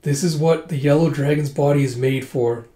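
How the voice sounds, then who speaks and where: A man doing a selfless young dragon warrior: high, bright, eager, in a roomy space. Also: fairly even intonation, normal speed, close to an everyday voice. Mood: reassuring. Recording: roomy echo.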